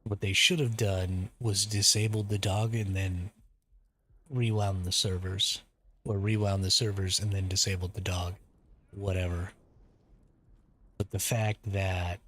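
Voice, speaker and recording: American male streamer, low register, frustrated casual ranting with swearing. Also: fairly bright tone. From United States. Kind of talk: casual game stream commentary.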